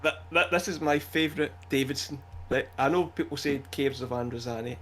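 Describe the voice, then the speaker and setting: A man's voice: mid-range voice, brisk, fairly bright tone, slight background noise. A man with a Scottish accent chatting eagerly on a podcast, often restarting his sentences. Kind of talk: casual podcast chat.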